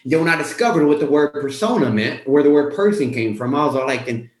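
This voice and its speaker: A young man, a weight-loss coach, telling his own story to viewers in a casual, animated way and acting out what he said back then. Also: on the high side, quick pace. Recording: roomy echo.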